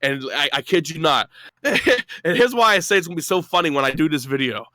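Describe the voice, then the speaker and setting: A man talks as a guest on a casual call-in show, rambling through a story with plenty of swearing and laughter. His voice sits fairly high and sounds bright. The recording is dry. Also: lively intonation, fast talker, dry recording.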